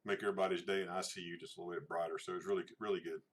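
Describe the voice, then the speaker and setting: A middle-aged man with a drawl and a deep, low voice talks casually to his viewers. He rambles, restarts his sentences and fills gaps with "uh" and "so". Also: level tone, rapid-fire. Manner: rambling, hesitant, many fillers and restarts. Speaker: channel host. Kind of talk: casual livestream chat showing photos.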